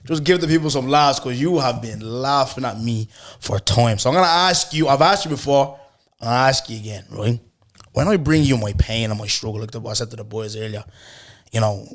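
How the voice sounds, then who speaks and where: A young Irish man hosting a podcast, telling a story in a casual chat, animated and laughing often as he acts out what people said. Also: mid-range voice, brisk. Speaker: podcast host.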